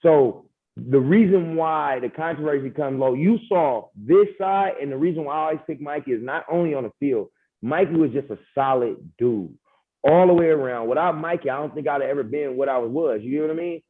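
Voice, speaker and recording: A man's voice: on the high side, a little fast, narrow, tinny audio. A man who is a podcast guest and former athlete, telling stories from school in emphatic casual chat. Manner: emphatic storyteller, calls listener "bro".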